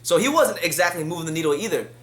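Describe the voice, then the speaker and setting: A man hosts a solo boxing commentary in a fired-up, exasperated manner. His voice sits a little high, and it climbs even higher whenever he vents. The room around him is noticeably echoey. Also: racing. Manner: heated, rising pitch when frustrated. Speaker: boxing news host.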